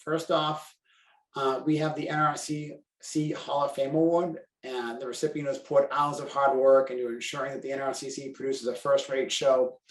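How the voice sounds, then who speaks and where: A man's voice: mid-range voice, flat delivery, moderate pace, distant mic. A man with a Boston accent talks through a podcast in a loose, rambling way, full of fillers and restarts. His voice sits a little away from the mic and bounces around a roomy space. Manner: chatty, self-deprecating, talks in run-on sentences with fillers. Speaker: carwash operator and convention co-chair. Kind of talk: casual podcast chat.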